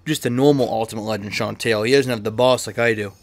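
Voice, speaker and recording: A young man chatting casually while opening card packs in a video game, excitable and swearing freely, with a cough and an irritated throat. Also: on the low side, fast talker, no room sound. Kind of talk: casual pack-opening commentary. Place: his bedroom.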